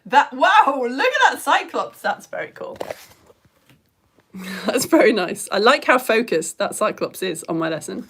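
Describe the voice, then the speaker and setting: A woman's voice: a little high, very animated, a little slow, fairly bright tone, a little hiss or hum. A woman teaching a live online science lesson, chatting with viewers and reading out their comments in a bubbly, playful way, laughing often.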